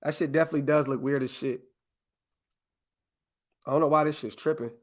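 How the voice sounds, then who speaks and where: Male podcast host, slightly high voice, excitable and profane, casual live-stream chat with viewers. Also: a little fast. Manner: excitable, profane, talks straight to his chat. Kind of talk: casual live-stream mock draft commentary.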